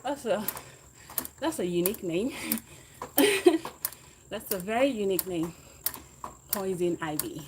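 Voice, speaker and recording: While riding an exercise bike, a fitness vlogger chats casually with her livestream audience, encouraging and motivating them, occasionally a bit out of breath. Her pitch is ordinary and mid-range, her speed normal with long pauses, and a steady noise hums beneath the recording.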